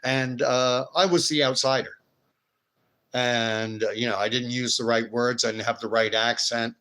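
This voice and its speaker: A man with a Canadian accent hosts a casual live-stream commentary. His voice sits at an ordinary middle pitch. He talks loosely and digressively, reading viewer messages aloud between asides. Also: fairly even intonation, measured pace, pushed and bright. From Canada and the United States. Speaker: host.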